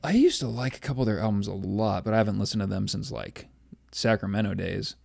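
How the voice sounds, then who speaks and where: A man's voice: fairly low pitch, animated, quick pace, gravelly, a little mellow. Young male co-host, casual rambling storyteller, self-deprecating. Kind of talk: casual chat.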